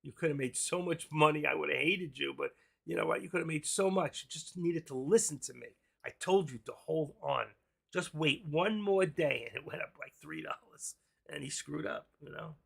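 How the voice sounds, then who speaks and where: A man's voice: on the high side, normal speed, creaky, a bit bright, slightly rough. A man hosting a live stream, chatting casually in a rambling, jokey and brash way.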